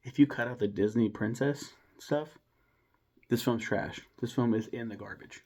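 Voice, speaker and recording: A man's voice: mid-range voice, normal speed, darkish tone. A young man giving a casual, rambling film review full of enthusiasm, restarts and mild swearing.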